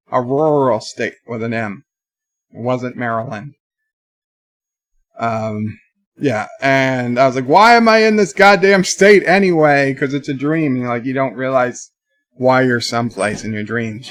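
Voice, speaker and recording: A man hosting a casual livestream, rambling through a story with animated outbursts and reading viewer chat aloud. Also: medium pitch, measured pace. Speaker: live stream host.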